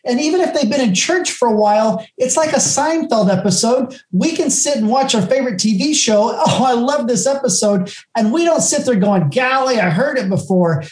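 A man's voice: extremely high pitch, lively intonation, normal speed, hardly any pauses, darkish tone. Earnest man talking in an echoey room. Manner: earnest and encouraging, with many restarts. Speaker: speaker and video maker. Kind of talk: casual panel chat. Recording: roomy echo.

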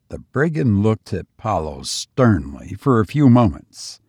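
A man narrating a storybook in a steady, unhurried reading voice. His voice is very deep and slightly husky, and the recording is dry and close. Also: no echo.

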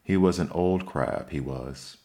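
A man's voice: deep voice, measured pace, mellow. A man voicing an impatient, scolding male Griffin creature in an audiobook reading. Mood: brusque.

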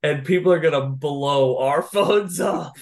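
This man co-hosts a laid-back podcast conversation. He chimes in with short reactions and playful teasing, then talks straight to the listeners. His voice sits a little higher than most men's. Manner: chatty, quick reactive interjections, playful teasing. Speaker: podcast co-host. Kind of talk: casual chat.

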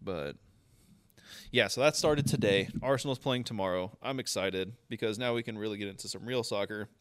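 A man's voice: on the low side, moderate pace, dry recording. A young man co-hosting a casual sports podcast, swearing freely, laughing often and breaking into incredulous rants. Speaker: podcast co-host.

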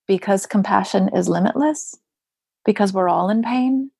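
A woman guest on a podcast interview, speaking earnestly and emphatically about compassion, with rhetorical questions and playful jumps into a higher voice for asides. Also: moderate pace, vocal fry, a little mellow, husky, dry recording. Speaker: grief writer and guest.

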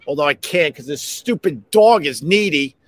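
A man's voice: fairly high pitch, expressive, moderate pace. A middle-aged man, casually telling a long rambling story as a podcast host, laughing between phrases and restarting sentences. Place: outdoors near a beach with waves and birds.

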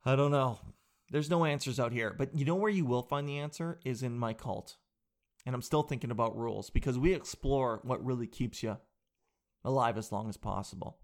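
A young man hosting a casual comic monologue, riffing with disbelief and slipping into quick mock voices of the people he talks about. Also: mid-range voice. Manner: riffing, incredulous, drops into mock quotes. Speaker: host.

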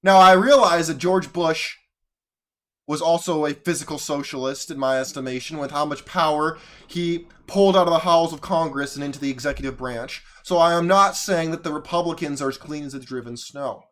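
A man's voice: on the high side, a little fast, fairly bright tone. A man from the United States giving solo political commentary as a podcast host, sarcastic and arguing back at the clips he plays.

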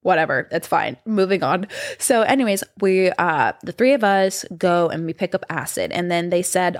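A young woman talks straight to her viewers in a loose, rambling way. Her voice sits a little low for a woman, and she keeps filling gaps with fillers as she goes. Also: normal speed. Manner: chatty and rambling, lots of fillers, animated voices in quotes. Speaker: vlogger. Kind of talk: casual storytelling to viewers.

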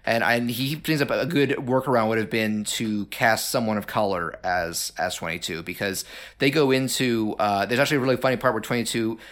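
A man's voice: fairly low pitch, fairly quick, fairly bright tone. Chatty man discussing films. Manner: chatty, many fillers and restarts. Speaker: podcast co-host. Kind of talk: casual film discussion.

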